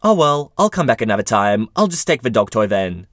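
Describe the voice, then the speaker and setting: A man voicing a shy, apologetic eighteen-year-old daughter who tries to calm her mother. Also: mid-range voice, a little fast, no room sound, clean studio sound. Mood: placating.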